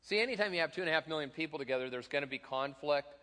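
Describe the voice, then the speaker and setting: A man's voice: a little high, animated, very fast, bright, forceful tone. A middle-aged man, a pastor preaching a sermon in a conversational, joking way, with many fillers and restarts, in a church sanctuary. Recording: long reverb in a large hall.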